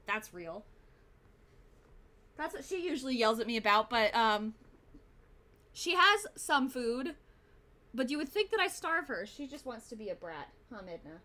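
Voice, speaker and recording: A young woman streaming a game in casual, excitable chat, swearing, mocking herself and talking to her cat. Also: high-pitched. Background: faint background music.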